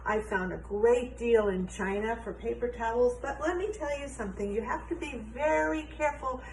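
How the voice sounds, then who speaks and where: A woman's voice: moderate pace, slight background noise, poor audio. A middle-aged woman doing a stand-up comedy routine from her home kitchen, with punchy joke delivery. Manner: punchy joke delivery with bouncy, animated pitch.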